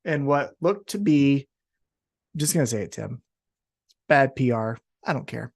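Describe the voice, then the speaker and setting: A young man co-hosting a wrestling podcast, chatting casually with quick asides and swearing. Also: mid-range voice, creaky. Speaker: podcast co-host.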